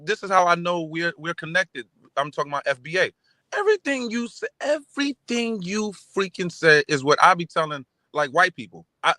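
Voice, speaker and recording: A man in casual chat, talking in an animated, emphatic way and repeating his phrases. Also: a little high, dry recording.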